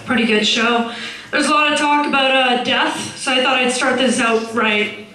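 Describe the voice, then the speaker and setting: A young woman doing a stand-up comedy set, blunt and swearing, deadpan about dark topics. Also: sits high, normal speed, very echoey, far from the mic, poor audio. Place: comedy club stage.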